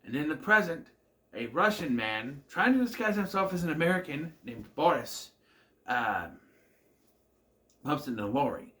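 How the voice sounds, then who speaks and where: A man's voice: on the high side, very animated, unhurried, long pauses, a bit bright. A man giving a casual, rambling recap of a TV episode, with many fillers and restarts. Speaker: show reviewer.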